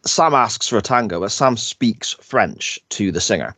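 A man's voice: on the low side, animated, measured pace, bright, forceful tone, slightly rough, no room sound. A man, co-hosting a podcast and recapping an episode in a chatty, storytelling way. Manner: chatty storyteller, laughs often. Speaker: podcast co-host. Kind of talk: casual episode recap chat.

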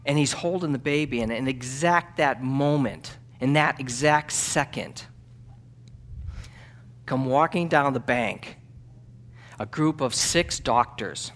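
A man, a missionary, telling a story in a church sermon, halting with ums and restarts, then building to loud fervent preaching. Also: medium pitch. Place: church sanctuary.

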